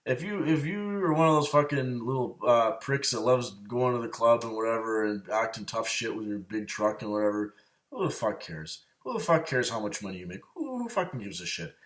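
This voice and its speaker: Profane, ranting man at mid pitch. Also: animated, moderate pace. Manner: profane, agitated, repetitive. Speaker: show host. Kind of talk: rambling personal rant.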